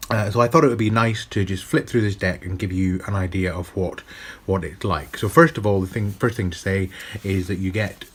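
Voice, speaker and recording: A man's voice: sits low, fairly even intonation, a little fast, slightly rough. A man giving a casual, chatty review of a tarot deck, with wry asides that poke fun at himself.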